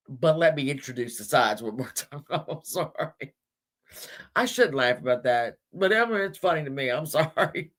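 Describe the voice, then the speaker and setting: Slow-talking woman rambling on a livestream. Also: on the low side, fairly bright tone. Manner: rambling, chuckling, crude asides; searching images on screen while talking. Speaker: livestream host. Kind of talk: casual history chat with live chat.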